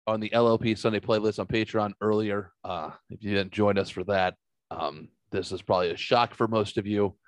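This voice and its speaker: A man with a lowish voice hosts a casual, profane podcast. He rambles through stories and keeps poking fun at himself. The sound is dry and close. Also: fairly even intonation, a little fast, dry recording. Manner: self-mocking, rambling storyteller. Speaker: podcast host.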